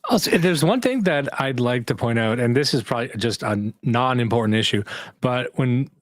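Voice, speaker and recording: A man's voice: medium pitch, lively intonation, normal speed, dry recording. Laid-back profane man on a dry mic. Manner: loose and profane, often laughing. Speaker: podcast co-host. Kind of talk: casual podcast chat.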